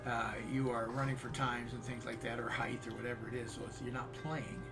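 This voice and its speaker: A man's voice: medium pitch, little pitch movement, brisk, music in the background. A middle-aged father co-hosting a podcast, talking in a folksy, easygoing way and laughing often. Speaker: podcast co-host. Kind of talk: casual chat.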